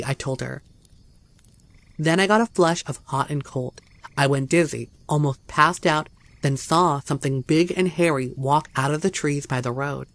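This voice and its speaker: A man's voice: a little high, moderate pace, fairly bright tone, dry recording. A man reading a first-person horror story aloud as a narrator, tense and dramatic.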